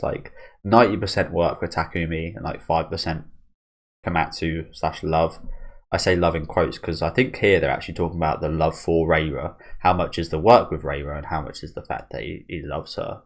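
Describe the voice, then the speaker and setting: A man's voice: a bass voice, brisk. A young man hosting a manga reaction, talking casually, swearing freely and thinking aloud with frequent restarts.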